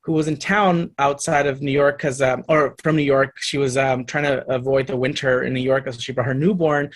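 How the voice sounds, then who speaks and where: A man, an actor as a guest, telling animated stories and acting out the voices of the people in them. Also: mid-range voice, moderate pace, a little hiss or hum. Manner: lively, acts out other people's voices in his stories.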